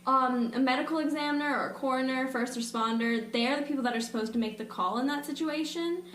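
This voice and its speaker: A woman's voice: high-pitched, fast talker, a bit bright, a little hiss or hum. A young woman co-hosting a podcast, walking through a true-crime case with wry, skeptical asides. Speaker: podcast co-host. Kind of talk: casual true-crime chat. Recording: echoey room.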